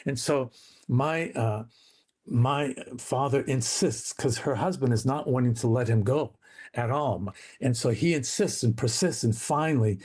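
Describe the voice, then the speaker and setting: A man tells a family story as a radio guest, with a mid-pitched voice. He acts out the people in it, sweeping his voice up and down as the story rises and falls. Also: normal speed, mellow, husky. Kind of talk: storytelling on a radio talk show.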